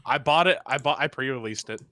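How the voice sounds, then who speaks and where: A man's voice: medium pitch, fast talker, bright, forceful tone. A man chatting casually at a tabletop game session, brash and swearing in banter. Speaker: player.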